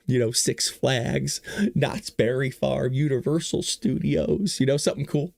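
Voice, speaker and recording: A man hosting a show, giving sarcastic opinion commentary in an animated way. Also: mid-range voice, a little slow, vocal fry, no room sound, clean studio sound. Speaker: show host.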